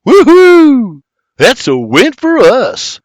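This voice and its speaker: A man's voice: on the high side, big pitch swings, measured pace, dry recording, voice pushed up. Man doing an eager, whooping young lad. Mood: excited. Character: young male farmhand, eager and excitable.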